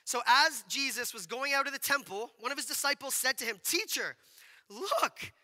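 Bright high-voiced pastor in an echoing hall. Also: male voice, brisk. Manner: conversational, asks the congregation questions, acts out quotes. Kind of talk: sermon. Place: church hall with congregation. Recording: long hall reverb.

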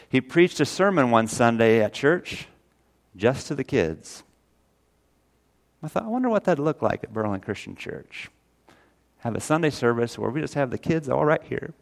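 A man's voice: medium pitch, gravelly. A man preaching a sermon, folksy and earnest, speaking with energy. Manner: folksy, earnest preaching, rises loud when quoting scripture. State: briefly tearful. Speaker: pastor.

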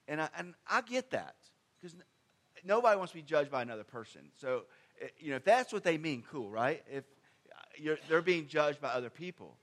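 Male pastor, slightly high voice, casual sermon delivery with big swings in emphasis. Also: very animated, brisk, a bit bright. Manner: conversational preaching with emphatic swings in pitch and volume.

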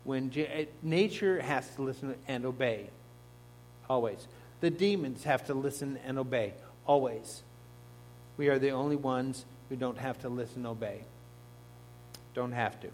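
A man's voice: medium pitch, normal speed, a little mellow, a little hiss or hum. A man, a pastor, preaching a sermon in a conversational teaching manner, with asides to the congregation. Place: church.

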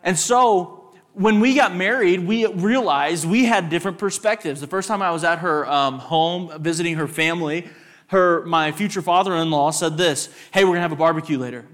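A young man with a West Texas twang speaks as a guest at a church service, his voice pitched a touch high. He tells animated personal stories and stops to ask the audience questions. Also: moderate pace.

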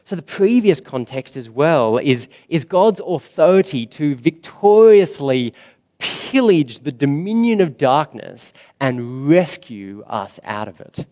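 Slow, emphatic male preacher. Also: on the high side, sing-song, warm tone. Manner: slow, emphatic preaching with dramatic rises and drops. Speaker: pastor. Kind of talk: sermon.

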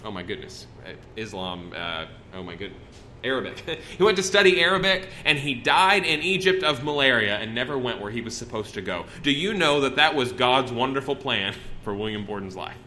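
Bright-voiced male preacher, conversational. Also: medium pitch, lively intonation, brisk, a little hiss or hum. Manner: conversational, folksy, with self-interruptions. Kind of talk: sermon.

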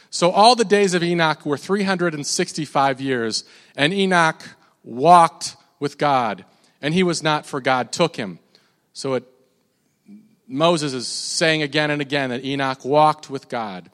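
In a church hall with the long reverb of the space, a pastor delivers a casual, conversational sermon, stumbling over repeated words before moving into prayer. His voice is on the high side and a bit bright.

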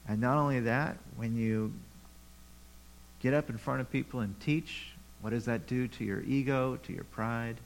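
A man's voice: medium pitch, moderate pace, creaky, poor audio. Man preaching a conversational sermon. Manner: conversational preaching with rhetorical questions and repetition. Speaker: pastor. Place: church.

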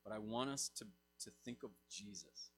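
A man preaching a sermon as pastor, swinging from loud emphatic lines to soft low asides. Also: moderate pace.

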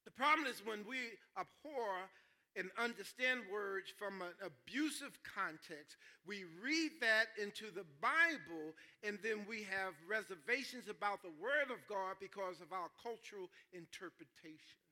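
A man preaches in church, his tone high and bright. He is animated and joking, and he keeps checking in with the congregation as he teaches from the scripture. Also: measured pace. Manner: animated, jokes with the congregation, calls out "stay with me". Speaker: pastor. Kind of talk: sermon.

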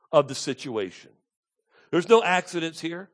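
A preacher with big dynamic swings. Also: male voice, lively intonation, a little slow, long pauses. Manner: swings from loud emphatic peaks to hushed low asides. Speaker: pastor. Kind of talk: expository sermon.

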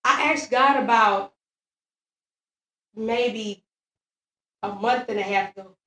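High-voiced woman preaching in an echoey church. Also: takes it slowly, pushed and bright. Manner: testimony-driven, repetitive call-and-response cadence. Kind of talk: sermon. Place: church sanctuary. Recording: echoey church room, far from mic.

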